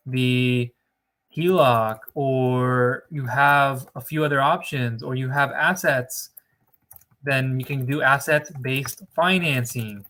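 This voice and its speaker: A man's voice: medium pitch, a bit bright. A man giving emphatic, lecturing advice straight to camera on business funding, stretching words out for stress. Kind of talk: direct-to-camera advice monologue.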